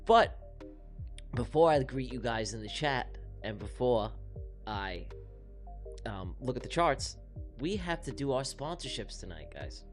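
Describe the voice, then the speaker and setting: A man's voice: mid-range voice, lively intonation, unhurried, pauses often, soft background music. A man hosting a trading livestream, talking in a rambling, affectionate, repetitive way. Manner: rambling, affectionate, repeats himself. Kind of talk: casual live-stream chat.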